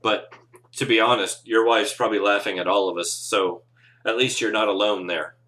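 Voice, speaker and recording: A man's voice: fairly low pitch, fairly even intonation, normal speed, pushed and bright. A man who runs tabletop games, giving casual, earnest advice on a live show with encouraging, rambling talk. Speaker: game master, podcast host.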